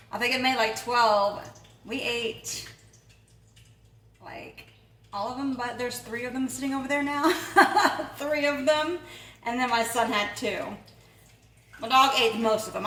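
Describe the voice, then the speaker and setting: A woman's voice: a little high, sharp tone, recorded from a distance. A woman hosting a casual home cooking vlog, chatty and rambling, often laughing. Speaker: home cook and channel host. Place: home kitchen. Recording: echoey room, voice off-mic, faint noise.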